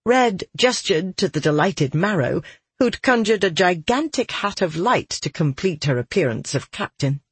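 An audiobook narrator reading a fantasy adventure in a measured, expressive storytelling manner, recorded close on a dry studio mic. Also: medium pitch, husky, no room sound.

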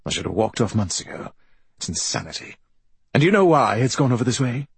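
A man voicing a boisterous, profane middle-aged male film star with a Welsh accent and a husky voice, swaggering and rambling. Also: medium pitch, big pitch swings, brisk, no room sound, exaggerated voice. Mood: ranting. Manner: brash, swaggering, rambling storyteller.

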